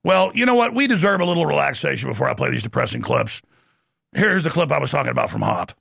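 Sarcastic, animated middle-aged man host. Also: a little high, quick pace, gravelly. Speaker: show host. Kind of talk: political commentary monologue.

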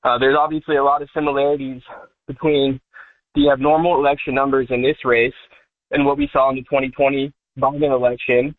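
A man's voice: mid-range voice, little pitch movement, a little fast, no room sound. Earnest male caller on a tinny line. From Kentucky, USA. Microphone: phone call.

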